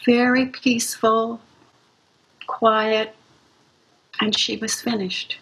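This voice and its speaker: A woman recounting a hospice experience in an interview, gently and reflectively. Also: on the high side, level tone, breathy edge, poor audio. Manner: gentle, slow, reflective storytelling. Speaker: music practitioner playing for hospice patients. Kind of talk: interview storytelling.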